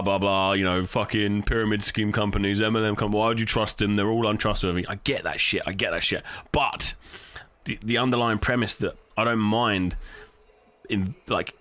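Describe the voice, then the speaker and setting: A man hosting a livestream, ranting angrily and swearing heavily. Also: a bit bright. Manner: angry, swearing heavily, voice jumping in pitch. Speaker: livestream host. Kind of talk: heated livestream rant.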